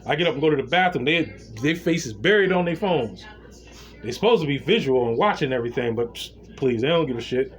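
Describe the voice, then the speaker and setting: A man telling a story in a casual rant, blunt and slangy, with lively retellings. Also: medium pitch, fairly quick.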